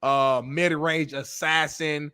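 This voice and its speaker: Bright, dry-voiced man arguing sports. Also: fairly high pitch, flat delivery, slow pace, clean tone, no room sound. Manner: emphatic, swears, argues point by point. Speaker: co-host. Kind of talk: sports talk debate.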